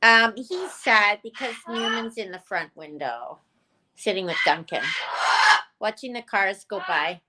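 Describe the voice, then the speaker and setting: Bright-voiced woman chatting to her birds. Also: medium pitch, animated, a little slow, poor audio. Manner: chatty, coos at her birds in a sing-song voice. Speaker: bird channel host. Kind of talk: casual livestream chat with viewers and pet birds.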